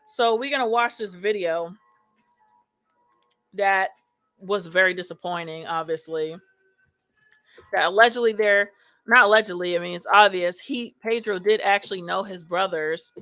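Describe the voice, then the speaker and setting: A woman's voice: mid-range voice, moderate pace, long pauses, bright, forceful tone, dry recording, faint music behind. A woman hosting a casual live show, reading viewer comments aloud and chatting loosely with many fillers. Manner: chatty, lots of fillers like "like" and "you know". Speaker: host.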